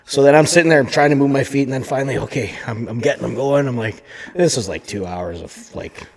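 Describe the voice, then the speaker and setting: A man's voice: medium pitch, fast, vocal fry. Guy co-host telling a story, swears a bit, echoey hall sound. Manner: animated storyteller who swears casually. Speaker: podcast co-host. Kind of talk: casual chat. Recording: long hall reverb.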